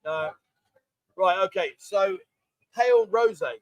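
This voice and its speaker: High-voiced guy hosting a bar show, chatty and all over the place, dry close sound. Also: slow, no echo, poor audio. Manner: chatty, scattered, thanking people by name. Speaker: host. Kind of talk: casual live bar show chat. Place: Pattaya bar.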